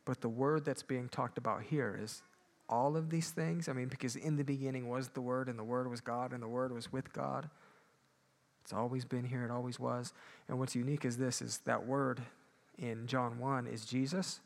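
A man preaching a sermon, moving between loud emphatic peaks and quiet low asides. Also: vocal fry. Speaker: pastor.

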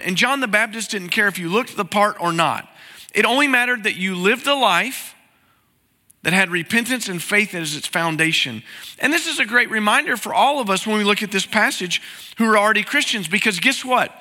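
A man's voice: sits high, expressive, normal speed, pushed and bright, in a large hall. A man preaching a sermon as pastor, in a conversational style full of rhetorical questions, recorded in a church sanctuary.

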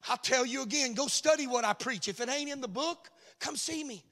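A man with a Cajun accent preaching a sermon, moving from quiet asides up to shouted, sing-song lines. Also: extremely high pitch, fairly quick.

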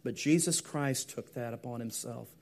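A man preaching a sermon, telling a story and moving from hushed, slow lines to loud, emphatic ones. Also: medium pitch, vocal fry. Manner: dynamic, swings from hushed to emphatic.

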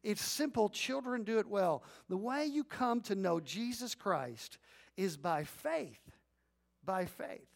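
Middle-aged guy preaching, pretty high voice, acts stuff out, gets loud sometimes, has folks repeat lines back. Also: slow, gravelly. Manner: animated storytelling, acts out scenes, sudden loud bursts; leads congregation in responsive reading. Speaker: pastor. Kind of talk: sermon.

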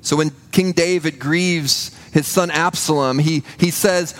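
A man preaching a sermon in a church, earnest and building to a hushed intensity on key points. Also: a little high, steady tone, a little slow, few pauses. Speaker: pastor.

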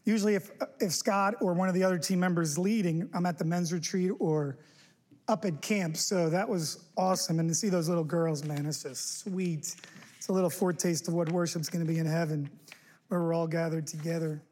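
High-voiced man preaching a casual sermon. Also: fairly even intonation, brisk, a little mellow. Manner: casual, storytelling, restarts and asides. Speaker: guest preacher. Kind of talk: conversational sermon. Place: church sanctuary.

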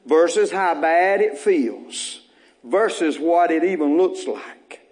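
A man's voice: fairly high pitch, lively intonation, takes it slowly, a little mellow. A man. He drives his points home by repeating phrases and climbing into emphatic bursts. The delivery is the full, rhythmic cadence of a pastor speaking to his congregation. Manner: preaching with rising emphatic bursts and repetition. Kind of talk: sermon.

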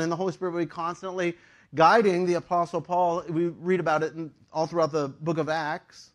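A man preaching a sermon to his congregation in a conversational, animated way, with frequent fillers. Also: high-pitched, a little fast. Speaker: pastor.

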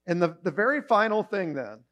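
Animated high-voiced male pastor. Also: a little fast. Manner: animated, acts out voices in quotes. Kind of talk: sermon. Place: church auditorium, also streamed online.

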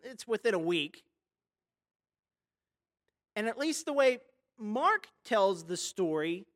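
A pastor delivering a sermon in a chatty, storytelling manner. The voice leans on rhetorical questions and swings from quiet, hushed lines to loud, dramatic ones. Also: mid-range voice.

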